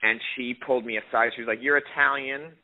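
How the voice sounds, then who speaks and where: A man's voice: mid-range voice, little pitch movement, rapid-fire, dry recording. A young adult man, an actor, answering interview questions in a casual, rambling way with many restarts. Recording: dry tinny phone-line audio.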